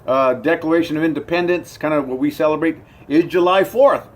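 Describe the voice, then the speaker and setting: A middle-aged man talking to camera outdoors on his porch, his voice sitting a little higher than most men's. He rambles in an upbeat, easygoing way, circling back with ums, uhs and restarts. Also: fairly quick. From United States. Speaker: vlogger. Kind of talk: casual rambling vlog to camera.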